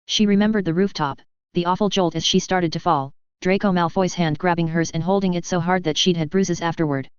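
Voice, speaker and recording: A woman narrating a fan story audiobook in a steady, even manner. Her voice sits somewhat low and comes through very clear. The recording is dry with a slightly dull band. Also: fairly quick, no room sound.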